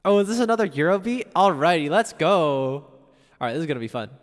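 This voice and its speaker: A man's voice: on the high side, expressive, a little fast, big-room sound. A man streaming at the piano, chatting casually and reading viewers' messages aloud. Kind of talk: casual chat.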